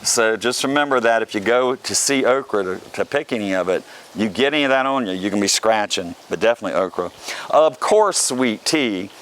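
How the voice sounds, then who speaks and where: A man's voice: lowish voice, brisk, a bit bright. A man from the South Carolina coast, chatting casually and joking as a video host, with a faint hum behind him. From South Carolina Lowcountry. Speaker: vlog host. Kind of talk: casual talk to camera. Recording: faint background noise.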